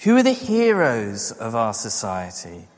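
A man's voice: medium pitch, huge pitch swings, measured pace. A man preaching a sermon, earnest and full of rhetorical questions, acting out the voices he quotes. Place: church. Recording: long hall reverb.

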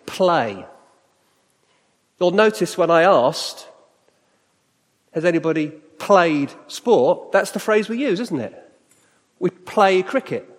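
A middle-aged British man giving a conversational church talk to a live audience, often asking them questions. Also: high voice. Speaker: church speaker. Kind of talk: sermon-style talk. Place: church hall. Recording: reverberant hall.

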